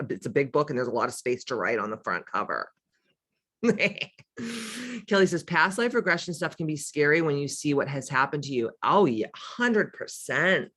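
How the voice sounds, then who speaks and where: A woman's voice: sits low, fairly bright tone. A middle-aged woman with a smoky voice hosts a casual livestream as a spiritual coach. She answers viewer comments in a frank, playful way, swearing freely and laughing often. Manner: candid and profane, laughs often, playful asides.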